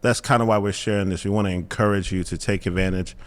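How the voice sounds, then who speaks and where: A man's voice: deep voice, steady tone, fast talker. A man co-hosting a casual marriage podcast, upbeat and folksy, often repeating his words. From South Florida. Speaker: podcast co-host, pastor.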